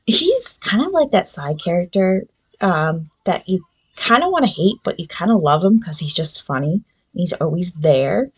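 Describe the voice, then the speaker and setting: A woman with a lowish voice, recorded with the highs cut off, hosts a book review podcast on her own. Her casual review is loose and full of ums, and she briefly acts out characters' lines.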